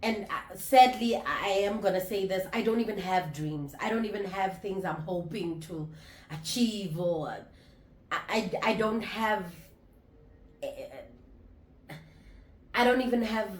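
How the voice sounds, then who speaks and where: Woman, 30s, confessional vlogger; mid-pitched, reflective, halting delivery, roomy echo. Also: expressive. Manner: reflective, candid, halting with restarts. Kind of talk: confessional casual vlog.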